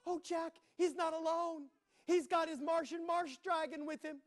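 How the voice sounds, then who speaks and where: A man voicing a gentle, worried young princess in a told fairy tale. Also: very high-pitched, fairly even intonation, measured pace, pitched above the performer's own voice.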